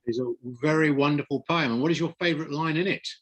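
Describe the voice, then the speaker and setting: A man's voice: on the high side, quick pace, fairly bright tone. A man from Kent, hosting a poetry reading and heaping effusive praise on the poets. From Kent, England. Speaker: host.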